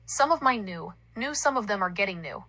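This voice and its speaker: A woman voicing an old drunk man who is boastful and hot-tempered, with a loud, defensive manner. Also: medium pitch, expressive, brisk.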